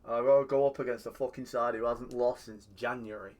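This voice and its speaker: Male streamer, casual and foul-mouthed, reacts loudly to every goal and foul. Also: mid-range voice, fast talker. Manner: sweary, excitable, shouts at the game. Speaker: streamer playing a football manager game. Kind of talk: casual gaming commentary.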